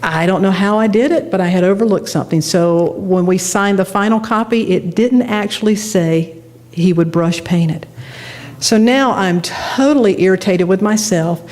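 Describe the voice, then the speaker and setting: A middle-aged woman minister delivering a sermon, telling a personal story with animated delivery and laughing at herself. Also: mid-range voice, moderate pace.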